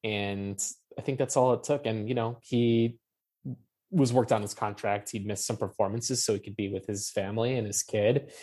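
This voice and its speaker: A man's voice: fairly low pitch, steady tone, normal speed, darkish tone. A man being interviewed as a playwright, talking passionately and casually, with many fillers and the odd swear word. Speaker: playwright guest.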